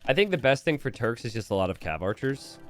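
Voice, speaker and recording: A man's voice: mid-range voice, fast talker. A man casting a strategy game live, chatting with viewers, laughing often and reading their messages aloud. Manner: animated, laughs often, talks to chat directly. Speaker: streamer and game caster. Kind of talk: live commentary while reading chat.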